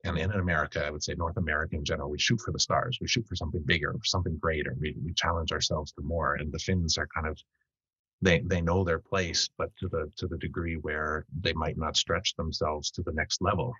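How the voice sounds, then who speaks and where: A man with a very deep, husky voice and a Canadian accent softened by a Finnish tinge speaks thoughtfully, pausing and restarting as he hunts for the right word. The recording is dull and lo-fi, with a close, dry sound. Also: fairly even intonation, no room sound. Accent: Canadian English with a Finnish tinge. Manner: reflective, restarts phrases while searching for words. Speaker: podcast guest. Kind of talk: casual interview talk.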